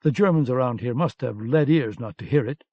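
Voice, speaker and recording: A man's voice: mid-range voice, fairly quick, dry recording, lightly acted. A man reading an audiobook, voicing a cold, curt female spy with a frosty manner, on a dull lo-fi cassette recording. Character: cold, veiled female resistance agent, icy and curt.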